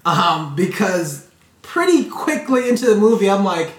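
Podcast co-host, male, slightly high voice, rambling casual delivery, roomy distant mic. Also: big pitch swings, unhurried. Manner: rambling, heavy use of fillers like "like". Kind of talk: casual chat. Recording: echoey room, far from mic.

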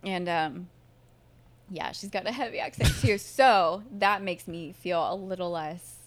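A young woman with a Southern Oklahoma accent, chatting casually and telling animated stories with frequent laughter. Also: fairly low pitch, a little slow. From Michigan. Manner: laughs often, animated storytelling. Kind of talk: casual chat.

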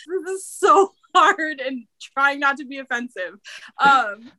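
Giggly high-voiced woman in a party game. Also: lively intonation, slow pace, sharp tone, no room sound. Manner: giggly, nervous, swears and laughs often. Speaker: player. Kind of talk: improvised wrestling promo game.

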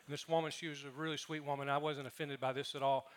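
A man's voice: a little high, level tone, fast talker, heavy background noise. A man preaching a sermon as pastor, telling funny personal stories and acting out what people said. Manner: humorous storytelling with acted quotes.

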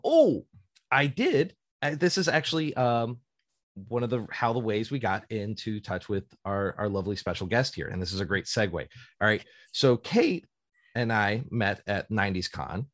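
Low-voiced rambling male podcast host. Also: animated, moderate pace, a bit bright, dry recording. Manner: rambling and enthusiastic, wanders off on tangents. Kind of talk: casual chat.

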